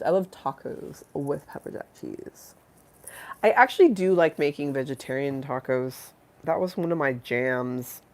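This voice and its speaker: A congested woman hosting a live stream, rambling and giggly as she chats with viewers and reads the chat aloud. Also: sits low. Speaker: livestream host.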